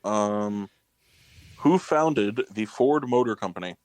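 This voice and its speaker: A man with a somewhat low voice runs a trivia round in casual podcast banter. He reads each question and spells out hard words letter by letter. The sound is dry and close. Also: lively intonation, slow, darkish tone, no room sound. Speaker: trivia quiz host.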